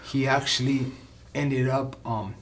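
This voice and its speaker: A man's voice: medium pitch, fairly even intonation, slow pace, a little hiss or hum. Male host with short affirmations. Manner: short affirming interjections, echoes the guest. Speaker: podcast host. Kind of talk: interviewer backchanneling.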